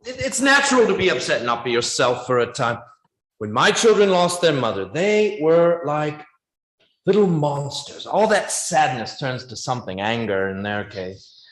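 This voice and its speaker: A man as a widowed father giving gentle advice, rambling and wry. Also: fairly high pitch, very animated, moderate pace. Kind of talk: film drama dialogue. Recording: echoey room.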